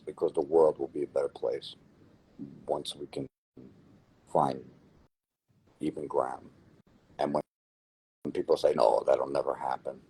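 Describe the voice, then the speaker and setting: A man from New Jersey with a New Jersey accent, telling his story as an interview guest in an animated way and repeating phrases for emphasis. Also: a bass voice, moderate pace, vocal fry, pauses often, husky, low-quality recording. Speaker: lottery winner guest.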